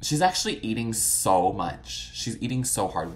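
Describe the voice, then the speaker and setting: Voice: medium pitch, sing-song, normal speed, a little hiss or hum. A vlog host chatting casually while browsing old photos, gushing and swearing freely, full of dramatic exclamations and "like" fillers.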